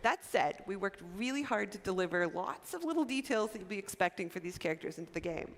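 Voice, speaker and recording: A woman's voice: medium pitch, expressive, fast talker, vocal fry. A woman presenting scripted game announcements in an upbeat manner. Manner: upbeat, reading a prepared script.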